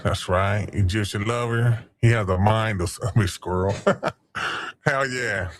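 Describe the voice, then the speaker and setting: A man hosting a casual livestream, talking slangy street talk, swearing and giving shout-outs to people in the chat. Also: on the low side, slow pace, no echo. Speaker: livestream host.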